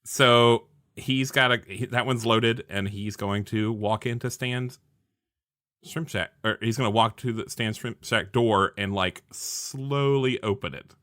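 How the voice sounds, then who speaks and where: A man's voice: mid-range voice, unhurried, pushed and bright, no room sound, studio quality. A man playing his character in a tabletop game, rambling and restarting sentences, often laughing. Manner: rambling, self-interrupting, laughing. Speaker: player.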